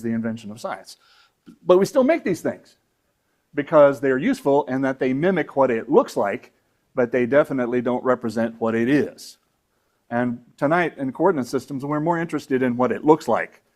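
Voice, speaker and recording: A man teaching astronomy to a club audience in a conversational, rambling way with fillers and asides. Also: mid-range voice. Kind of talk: lecture to an audience. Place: meeting room with audience.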